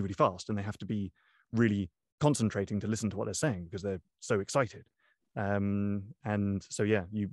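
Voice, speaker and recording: Low-voiced young man, dry close sound. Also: a little mellow, dry recording. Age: young adult. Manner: thoughtful, many ums and restarts. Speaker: audiobook narrator. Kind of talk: interview guest, casual talk.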